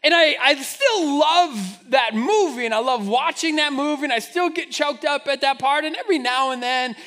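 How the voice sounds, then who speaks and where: A man in his thirties preaching a sermon to his church, telling a personal story with animated, self-mocking humor. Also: very high voice, normal speed. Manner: storytelling, animated, laughing at himself. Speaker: pastor. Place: church sanctuary.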